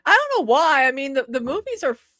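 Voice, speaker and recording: A woman in her thirties with a fairly high, very lively voice, rambling through stories on a podcast. She piles on asides and fillers, and her voice sounds close and dry. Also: no room sound. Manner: animated, rambling, quick asides, swearing. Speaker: podcast co-host. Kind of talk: casual chat.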